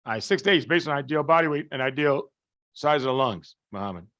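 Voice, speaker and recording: A man's voice: mid-range voice, animated, fast, fairly bright tone, dull audio. A man teaching a live class, often asking rhetorical questions and checking that everyone understands, with folksy, colloquial phrasing. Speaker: medical lecturer.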